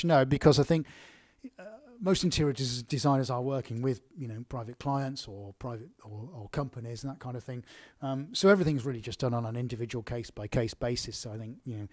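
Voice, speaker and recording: A man's voice: medium pitch, fairly quick, a little mellow, no echo, studio quality. A man with an English accent hosting a casual live Q&A, reading viewer questions aloud and answering with chatty fillers and restarts.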